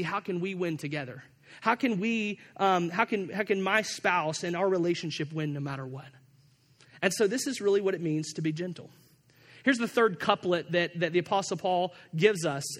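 A pastor preaching a sermon in a relaxed, conversational way, often repeating words as he restarts a thought. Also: high voice.

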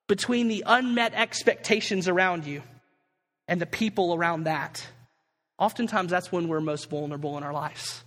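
High-voiced preacher in a reverberant hall. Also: male voice, moderate pace, fairly bright tone. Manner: conversational, humorous preaching. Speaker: pastor. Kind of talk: sermon.

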